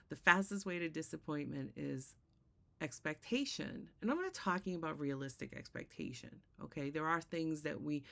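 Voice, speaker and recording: A woman's voice: low-pitched, gravelly. A woman host telling a spiritual parable conversationally, with fillers and rhetorical "right?" asides. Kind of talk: casual spiritual storytelling.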